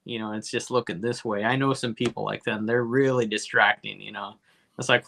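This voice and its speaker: Bright-voiced man rambling through a movie review. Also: lowish voice, steady tone, a little fast, creaky. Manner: profane, rambling, jokey asides. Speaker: podcast co-host. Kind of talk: casual comedy movie review.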